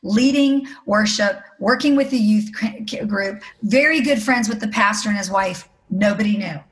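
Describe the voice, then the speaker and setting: A middle-aged woman tells a personal testimony as an interview guest. She speaks earnestly in a mid-pitched voice and acts out the voices of the people in her story. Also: moderate pace.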